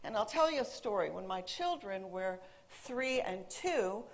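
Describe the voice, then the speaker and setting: A woman who speaks English natively, giving a lively, emphatic stage talk and quizzing her audience. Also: mid-range voice, unhurried.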